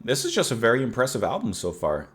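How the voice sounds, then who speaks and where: Lively, animated man reviewing an album. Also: medium pitch, fast talker. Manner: enthusiastic, thinks aloud with many fillers and restarts; reads lyrics aloud with feeling. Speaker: music reaction host. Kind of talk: casual music reaction and review.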